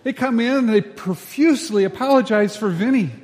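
Brief: a folksy, high-pitched male pastor giving a sermon in a reverberant church hall. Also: brisk, darkish tone. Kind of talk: sermon with jokes.

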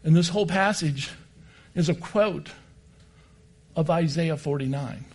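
A man's voice: fairly high pitch, measured pace, a little mellow. A man preaching a sermon and reading scripture passages aloud.

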